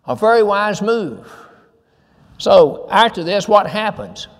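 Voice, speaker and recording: A man's voice: high voice, lively intonation, slow pace, long reverb tail. A male pastor, preaching a sermon with emphatic repetition and scripture quotes.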